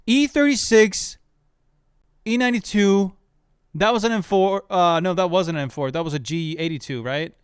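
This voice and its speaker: A young man streaming a game, chatting casually, excitable and swearing a lot as he rambles. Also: fairly high pitch, a little fast, hardly any pauses, clear, resonant tone, no room sound, clean studio sound. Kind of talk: casual gaming stream chat.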